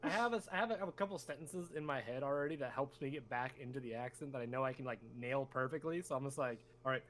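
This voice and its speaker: A young man in loose, rambling chat with his gaming friends. He talks quickly and tumbles from one aside to the next. A faint hum sits under his voice. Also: medium pitch, a bit bright. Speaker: tabletop game player. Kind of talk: casual chat among friends.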